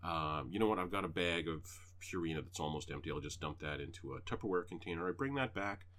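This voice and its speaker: A deep-voiced man talks fast as he co-hosts a podcast, recounting a long story in casual chat. His storytelling is animated, full of swearing and acted-out quotes.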